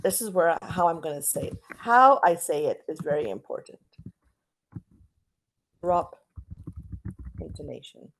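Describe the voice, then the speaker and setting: A middle-aged woman from Canada teaching an online English class, chatty and stretching out words and pauses to model intonation. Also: deep voice, big pitch swings, a little hiss or hum, poor audio.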